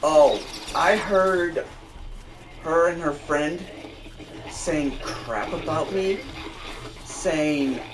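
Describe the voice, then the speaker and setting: A man casually tells a personal story while playing a game, rambling and correcting himself as he goes. He speaks slowly and his voice sits a little high. Noticeable background noise runs under the recording. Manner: rambling, restarts and self-corrections. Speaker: gamer telling a story. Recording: noisy background.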